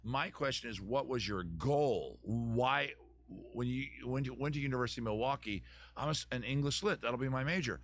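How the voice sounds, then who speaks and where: A man's voice: medium pitch, normal speed, a bit bright, no echo. A man hosting a live advice stream, chatting casually and joking as he thinks aloud with many restarts.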